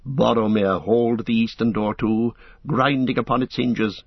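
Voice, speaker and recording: A man reading a fantasy novel aloud as a steady audiobook narrator. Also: mid-range voice, normal speed, no echo, highs cut off.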